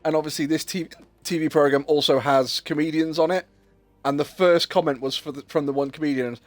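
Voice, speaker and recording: A man's voice: fairly high pitch, steady tone, brisk, no room sound. A man streaming a game, chatting in a rambling way and swearing casually while he has the hiccups. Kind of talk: casual livestream chat while gaming.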